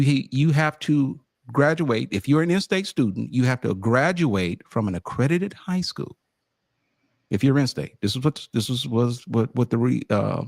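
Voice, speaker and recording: A man from California telling a story in casual podcast chat, animated and emphatic, insisting he is not making it up. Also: medium pitch, no echo, studio quality. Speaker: sports podcast roundtable co-host.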